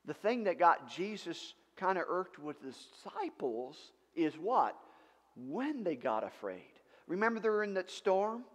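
Male pastor, sermon, lively pitch, slow deliberate delivery, reverberant church hall. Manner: animated preaching with rhetorical questions and emphatic outbursts. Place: church sanctuary.

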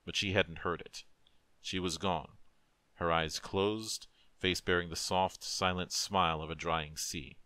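Deep-voiced man narrating a dark story. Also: fairly even intonation, no echo. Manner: solemn, emotive, measured. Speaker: narrator, streamer. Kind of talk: dramatic story reading.

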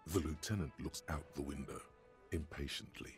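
An actor voicing a deep-voiced male inner narrator in a video game, measured and wry. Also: soft background music. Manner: measured, wry, hushed at times.

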